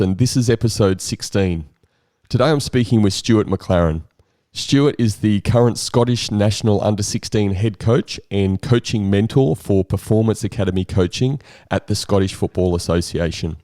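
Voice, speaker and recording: A man's voice: fairly low pitch, mellow, no room sound, clean studio sound. A man hosting a podcast, chatty and matey as he introduces and questions his guest. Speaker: podcast host. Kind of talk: casual podcast interview.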